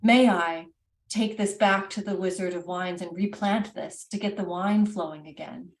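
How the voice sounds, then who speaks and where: A woman's voice: medium pitch, moderate pace, lightly acted. A woman voicing a grateful, formal male wereraven winemaker, recorded roomy and from a distance. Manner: polite, formal and heartfelt.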